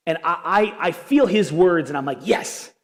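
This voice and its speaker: A male pastor preaching a sermon in an earnest, animated way, with self-deprecating asides. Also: a little high, moderate pace. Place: church auditorium. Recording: long reverb of a church hall.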